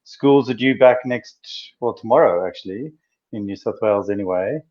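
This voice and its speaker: A man's voice: lowish voice, moderate pace, dull audio. A man, a doctor, chatting on a casual video podcast from a room in a mountain house, telling stories with earnest animation. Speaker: doctor and co-host.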